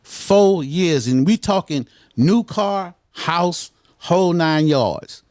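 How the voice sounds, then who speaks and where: A man's voice: fairly high pitch, lively intonation, slow, darkish tone, no echo, clean studio sound. An older man, a guest in a casual interview, talking bluntly and swearing often. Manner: blunt, swears a lot, street talk.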